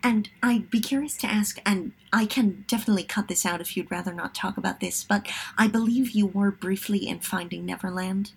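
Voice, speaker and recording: A woman's voice: medium pitch, a little fast, vocal fry, few pauses, breathy edge. A woman hosting an interview who asks polite, carefully framed questions. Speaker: interviewer, host.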